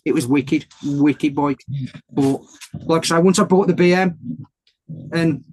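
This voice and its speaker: A man's voice: fairly high pitch, unhurried, darkish tone. A man from the United Kingdom, a podcast guest, telling stories in a loose, rambling way with lots of fillers and restarts, and swearing freely over a video call. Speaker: podcast guest, ex-soldier motovlogger. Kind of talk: casual storytelling chat.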